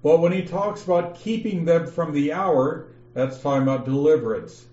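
A man teaching a Bible lesson, slowly reading passages aloud and explaining them step by step. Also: fairly high pitch, warm tone, echoey room, lo-fi sound. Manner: slow, methodical, reads passages aloud with emphasis. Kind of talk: scripture lesson over an online call.

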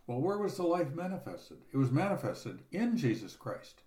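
A man teaching a Bible passage verse by verse, reading scripture aloud and explaining it in a measured way, stressing key words. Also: a little high, big pitch swings, dark tone. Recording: echoey room.

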